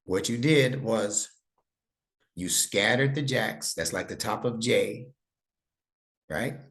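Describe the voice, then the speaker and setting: Slow and lowish, with vocal fry and a fairly bright tone, the voice belongs to a middle-aged Arabic instructor and imam. He patiently guides a young student one-on-one, step by step, checking along the way that he is understood.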